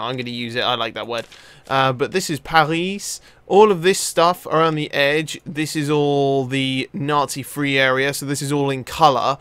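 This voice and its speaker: A young man, commentating on gameplay casually, excitable and swearing often. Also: a little high, clean tone, no echo. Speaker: let's play host.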